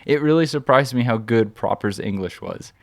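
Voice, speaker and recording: A man's voice: mid-range voice, moderate pace. A man co-hosting a podcast, telling a long anecdote in a casual, rambling way full of "like" and restarts. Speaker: podcast co-host. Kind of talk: casual storytelling chat.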